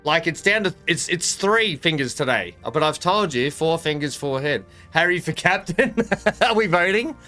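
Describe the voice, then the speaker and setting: A man streaming a game live, chatting in an excitable, rambling way and laughing often. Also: on the high side, normal speed, soft background music. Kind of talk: live gameplay commentary.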